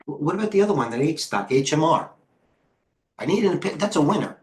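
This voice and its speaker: A man's voice: fairly high pitch, animated, fast, darkish tone. A middle-aged man hosting a live trading stream, talking casually and rambling with jokes and muttered asides. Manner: rambling, joking, self-deprecating, mutters to himself. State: out of breath.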